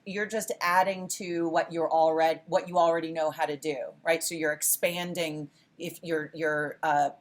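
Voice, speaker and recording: A woman instructor leading a class, encouraging her students and often praising and restarting her sentences. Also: low-pitched. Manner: self-correcting restarts. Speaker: college philosophy instructor. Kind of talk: interactive class lecture.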